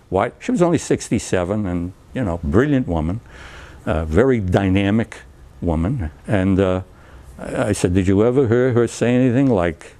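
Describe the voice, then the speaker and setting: An older man with a somewhat low voice gives an anecdotal lecture to a group. He talks in a chatty way, stumbles through fillers and restarts, and acts out the dialogue in his stories. Small chuckles come between his points. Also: mellow. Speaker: speaker giving a talk on recovery therapy. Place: lecture room.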